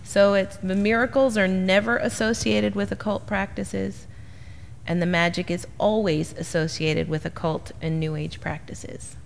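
Animated middle-aged woman storyteller, echoing hall. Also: medium pitch, measured pace, vocal fry, slight background noise. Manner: animated storyteller, quotes people in voices. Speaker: Bible teacher. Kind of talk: casual teaching chat.

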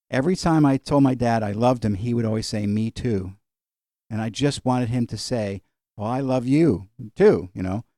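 A middle-aged man's warm, mid-range voice guides an informal Bible lesson sprinkled with personal anecdotes. His talk is loose and conversational, with digressions, filler words, and chuckles, recorded at studio quality with no room sound.

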